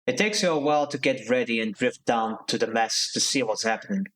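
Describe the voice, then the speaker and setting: A man streaming a narrative game, reading the text aloud at a middle pitch. He breaks in with relaxed, joking asides between passages. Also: a little fast, hardly any pauses, rough recording.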